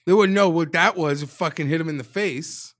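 A man co-hosting a sports podcast, ranting in a profane, heated way that swings into shouting. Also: fairly high pitch, brisk, no echo, studio quality. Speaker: podcast co-host. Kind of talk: casual sports podcast chat.

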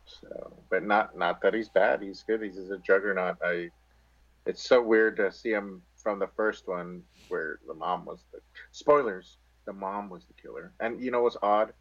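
A man's voice: low voice, normal speed, no room sound, muffled recording. A man co-hosting a podcast, chatting casually with wry asides. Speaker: podcast co-host. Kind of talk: casual chat.

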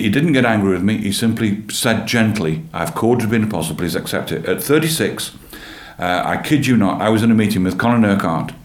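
In a roomy, echoing space, a man from England who leads a church gives his personal testimony as an interview guest. He speaks in a fairly low voice, earnestly and with animation, looping back over what he's already said.

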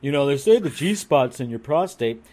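A man telling a story on a podcast in a crude, rambling and animated way, restarting his sentences often. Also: medium pitch, normal speed. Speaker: podcast co-host. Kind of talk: casual comedic storytelling.

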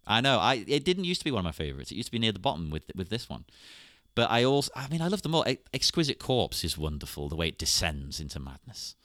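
A man's voice: lowish voice, big pitch swings, fast, a bit bright, no room sound. A man hosting a podcast, chatting casually and laughing often. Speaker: podcast host. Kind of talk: casual chat.

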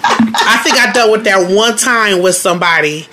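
A woman's voice: mid-range voice, normal speed, noisy background. A woman co-hosting a casual chat podcast, telling stories with lots of laughter and acted-out voices. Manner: animated storyteller, acts out voices, laughs often. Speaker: podcast co-host.

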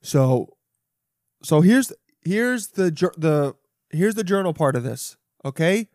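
A man's voice: a little high, expressive, takes it slowly, darkish tone, no room sound, clean studio sound. A young man hosting a solo podcast, rambling and swearing freely, with self-mocking asides. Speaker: podcast host. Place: home.

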